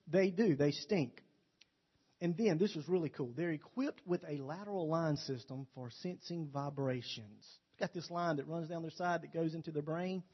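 A man preaching a sermon with a slightly high voice, folksy and quick to joke, spinning homespun stories for his listeners. The recording sounds dull and lo-fi. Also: slightly rough. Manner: folksy, joking storyteller.

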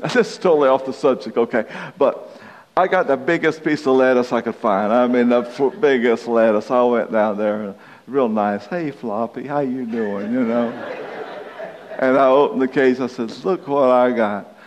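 A pastor's medium-pitched voice comes at normal speed over slight background noise in a dull, reverberant hall recording. He's preaching, telling a folksy story at his own expense and chuckling as he goes.

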